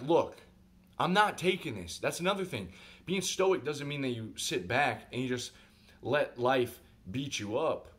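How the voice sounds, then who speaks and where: A man telling a personal story in a casual vlog monologue, animated and conversational, speaking directly to his viewers. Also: medium pitch. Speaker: vlogger.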